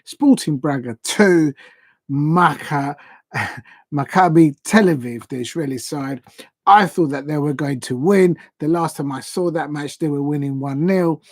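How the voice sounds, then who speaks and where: On his live football watch-along stream, a man rambles chattily through the day's results and fumbles player and club names. His pitch is fairly high, his delivery unhurried, and there is no echo.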